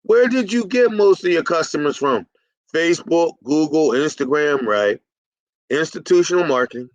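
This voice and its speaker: A man's voice: a little high, expressive, normal speed, no room sound, poor audio. A middle-aged man consulting for carpet cleaners, talking in a folksy coaching style and sometimes acting out both sides of a conversation. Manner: folksy, plays both sides of an imagined dialogue.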